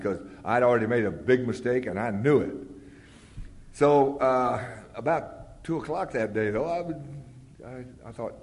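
A man speaking at a middle pitch tells his story in a plain, folksy way. He stops and starts often, with lots of "uh"s and repeated words. A long reverb trails after his voice, as if he is in a big hall. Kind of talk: personal storytelling to an audience.

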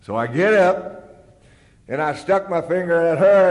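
An older man tells a long, humorous story in a loose, rambling way. He keeps breaking into loud acted-out quotes. His voice rings through a hall with a long reverb. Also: high-pitched, animated, a little slow. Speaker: speaker sharing his recovery story. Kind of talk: storytelling talk at a recovery meeting.

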